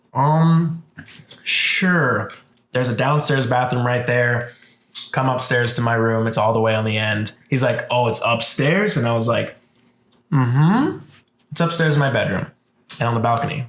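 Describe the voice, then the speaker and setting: In an echoey room, a podcast co-host spins a story at an unhurried pace, pausing often in his medium-pitched voice. He's an animated storyteller who swears freely and acts out what people said in casual chat.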